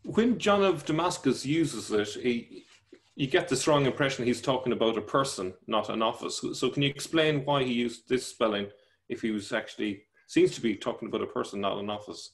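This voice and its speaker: A man's voice: medium pitch, brisk. A man who jumps in to pose a probing, polite challenge, sounding a little distant from the mic.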